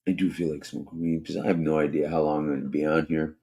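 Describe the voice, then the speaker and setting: A hoarse man chatting casually and profanely to his live-stream viewers, rambling from topic to topic. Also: rumbling low, little pitch movement, fast talker, mellow, low-quality recording. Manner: profane, rambling and laid-back. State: hoarse, strained voice. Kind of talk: casual livestream chat.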